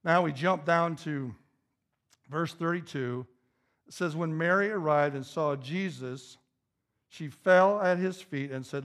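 A pastor preaching a sermon, repeating key phrases and building to an emphatic, raised intensity. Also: male voice, fairly high pitch, a little slow, fairly bright tone.

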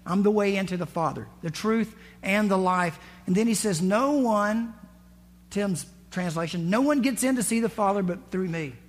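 A man's voice: high-pitched, normal speed. A man preaching a sermon in a conversational way, acting out scripture and quotes with rising emphasis. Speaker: pastor.

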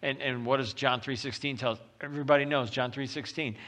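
A man preaching a sermon as pastor, talking in a lively, conversational way and reading scripture aloud with rising intensity. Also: mid-range voice, quick pace, hardly any pauses. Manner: animated and conversational, often acting out quotes.

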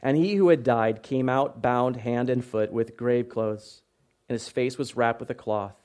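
A mid-range voice, a little slow: a pastor giving an expository sermon, reading scripture aloud and frequently checking in with listeners. He keeps it conversational with tag questions, occasionally launching into loud acted shouts.

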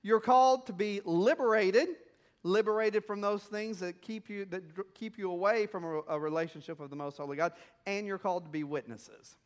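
High-voiced preacher telling stories. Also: male voice, moderate pace. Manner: conversational storytelling with rhetorical questions. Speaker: missionary pastor. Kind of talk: sermon.

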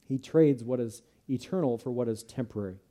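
A man's voice: medium pitch, fairly quick, mellow. A male pastor preaching a sermon, in an earnest, emphatic manner.

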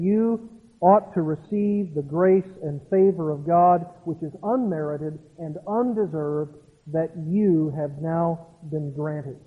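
A man's voice: on the high side, breathy edge. A man preaching an expository sermon, earnestly explaining a passage and putting questions to the congregation. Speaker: pastor. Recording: tinny phone-like sound in a long reverberant hall.

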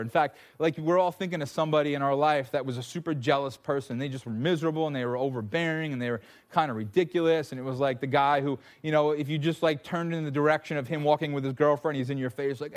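A man preaching a sermon, conversational and animated, acting out the voices he quotes. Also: on the high side, fast talker, hardly any pauses. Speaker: pastor.

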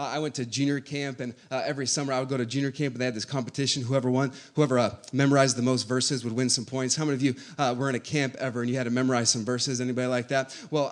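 A man with a medium-pitched voice preaches a sermon, shifting from quiet conversational teaching to loud, rising exhortation.

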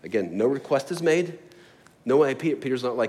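A man's voice: medium pitch, animated, brisk, a little mellow, slight background noise. A man preaching a sermon in a church, conversational and prone to laughing, building to emphatic passages. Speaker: pastor. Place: church sanctuary.

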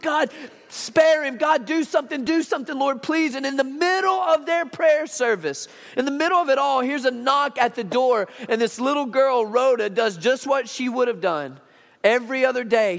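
A male pastor preaching a sermon, telling a Bible story with lively, acted-out dialogue. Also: very high voice, creaky, in a large hall. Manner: animated storytelling, acting out Bible characters. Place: church sanctuary.

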